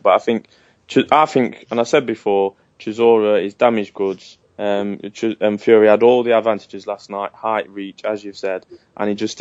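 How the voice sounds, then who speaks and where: A man co-hosting a podcast, giving frank, measured opinions on boxing. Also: lowish voice, no echo, highs cut off. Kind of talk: casual boxing chat.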